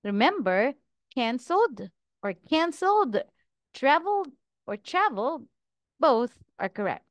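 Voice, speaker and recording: A woman teaching English pronunciation, drilling words one at a time in a slow, deliberate way. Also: high-pitched, big pitch swings, dry recording.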